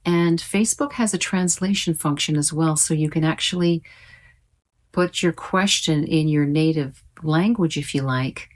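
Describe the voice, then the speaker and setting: A woman teaching a pronunciation lesson online, explaining sounds clearly and slowly demonstrating words. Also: sits low.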